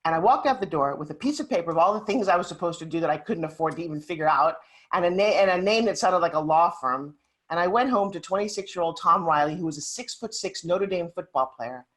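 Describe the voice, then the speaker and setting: A woman in her fifties, a motivational speaker, telling stories in an animated, emphatic way as an interview guest. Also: lowish voice, fast. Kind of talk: interview storytelling.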